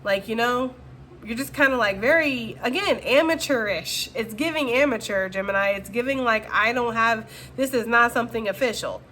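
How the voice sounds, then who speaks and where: A woman's voice: a little high, normal speed, pushed and bright, a little hiss or hum. A woman giving a casual, chatty tarot reading and addressing her viewers directly. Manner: chatty, full of fillers. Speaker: tarot reader.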